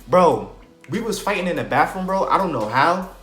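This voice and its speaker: A man's voice: a little high, normal speed. A young man telling a personal storytime vlog in casual slang, acting out quotes and sound effects. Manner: animated retelling, acts out quotes and sound effects. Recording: echoey room with faint music.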